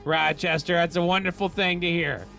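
A man's voice: a little high, fairly even intonation, moderate pace, vocal fry, sharp tone, soft background music. A man hosting a morning radio call-in show, upbeat and laughing along with callers. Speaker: radio DJ host. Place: radio studio.

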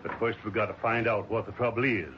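A man's voice: fairly low pitch, fairly even intonation, fast talker, close to an everyday voice. A man doing a bold, flowery old veteran. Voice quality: florid, folksy drawl. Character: talkative old male Civil War veteran, bold. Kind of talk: 1940s radio acting. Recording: lo-fi hissy old radio recording.

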